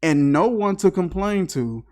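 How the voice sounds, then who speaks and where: A man's voice: high-pitched, lively intonation, unhurried, a little mellow. A man giving a casual, comedic movie review, riffing with incredulous, slangy asides. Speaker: film reviewer.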